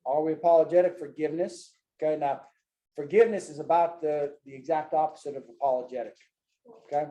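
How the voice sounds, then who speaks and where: A man leads a Bible study in a loose, folksy manner, talking to his class in a slightly raised, mellow voice. He keeps tagging his sentences with "man" and "right?", and his voice rings out in a roomy meeting room. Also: on the high side, fast. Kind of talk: casual teaching with personal stories. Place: church classroom with a group.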